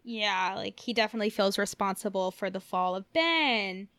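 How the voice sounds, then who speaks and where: A woman's voice: mid-range voice, animated, normal speed, a bit bright, no echo. A woman co-hosting a podcast in casual chat, chatty and musing aloud with lots of fillers. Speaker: podcast co-host.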